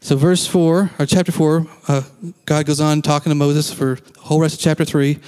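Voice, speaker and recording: A man's voice: on the high side, a little mellow, clear, resonant tone, in a large hall. A man giving a casual, conversational sermon as a pastor, acting out quoted lines and laughing now and then.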